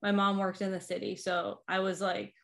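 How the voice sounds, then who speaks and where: A woman's voice: medium pitch, flat delivery, normal speed, vocal fry. A woman in her thirties from the Boston area talks in a loose, chatty way. She leans on "like" fillers and laughs often as she talks. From Boston area, Massachusetts. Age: 30s. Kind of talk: casual chat.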